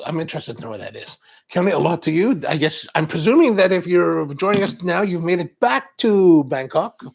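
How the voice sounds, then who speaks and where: A man hosting a coffee show, chatting with viewers and telling animated stories. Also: fairly high pitch, breathy edge. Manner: animated storytelling, acts out quoted exchanges. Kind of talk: live-stream chat with viewers.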